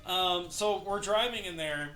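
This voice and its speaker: Bright-voiced man telling a story. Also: high-pitched, a little slow, roomy sound, soft background music. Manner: swears freely and laughs through the story. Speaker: gaming show co-host. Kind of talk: casual storytelling chat.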